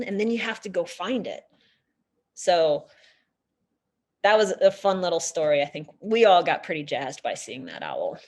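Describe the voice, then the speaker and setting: A woman teaching a nature class through a lively story. Her talk is chatty and animated, full of casual fillers. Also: mid-range voice. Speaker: nature educator. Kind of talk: storytelling lecture.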